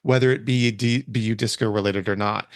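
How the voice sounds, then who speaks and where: A man's voice: fairly low pitch, steady tone, a little fast, dry recording, studio quality. A man hosting a podcast interview, speaking passionately and emphatically, often repeating himself for weight. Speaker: podcast host, event planner. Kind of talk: conversational interview.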